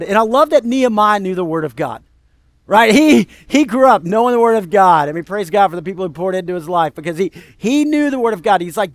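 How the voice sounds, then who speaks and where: A man preaching a sermon as pastor, animated and conversational, talking straight to the congregation. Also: high voice, fairly quick, no echo.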